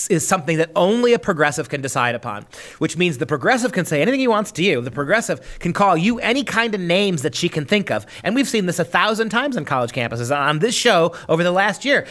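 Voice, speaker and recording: A man with a fairly high voice hosts a commentary podcast. He runs sarcastic, mocking riffs and drops into put-on voices to ridicule opponents. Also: fairly bright tone. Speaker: podcast host. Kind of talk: opinionated commentary.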